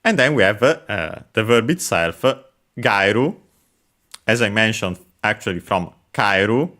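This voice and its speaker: A man's voice: on the low side, animated, normal speed, sharp tone. A man explaining Japanese vocabulary while playing a game, methodical and hesitant, with many filler sounds. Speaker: language teacher.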